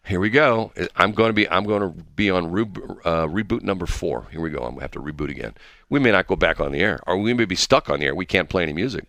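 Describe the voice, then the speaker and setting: A man's voice: low voice, lively intonation, quick pace, fairly bright tone, no echo. A man hosting a radio show, joking and flustered in casual on-air banter.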